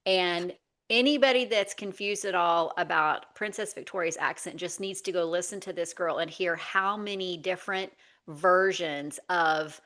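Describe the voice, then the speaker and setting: A woman's voice: lowish voice, normal speed, fairly bright tone. A woman hosting an interview, asking questions and responding with enthusiasm and affirmation. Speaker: podcast host, interviewer.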